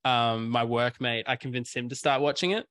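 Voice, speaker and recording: A man's voice: medium pitch, steady tone, normal speed, fairly bright tone, no echo, clean studio sound. A man hosting a casual chat, telling long stories with lots of fillers. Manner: rambling storyteller, lots of fillers.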